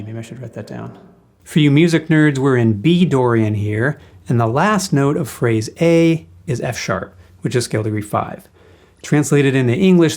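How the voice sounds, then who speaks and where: A man teaches a guitar lesson, breaking down a solo with patient explanations. His voice sits at an ordinary mid pitch. He sings the rhythms out loud as syllables. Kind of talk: music theory lesson.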